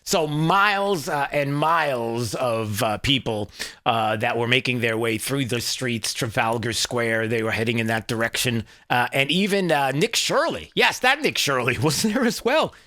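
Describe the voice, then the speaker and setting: A man hosts his own commentary show in a bright, forward voice. He rambles along with plenty of fillers and drops in jokey asides. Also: mid-range voice, lively intonation, moderate pace. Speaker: show host. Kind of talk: casual commentary.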